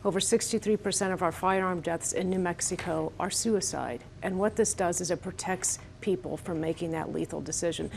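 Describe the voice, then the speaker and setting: A woman with a fairly low voice speaks as an advocate on a talk panel. She argues earnestly and firmly, building her case point by point. A faint hiss sits under her words. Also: a little fast, gravelly, few pauses, darkish tone. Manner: earnest, firm, persuasive. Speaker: gun-safety advocate. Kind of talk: panel debate.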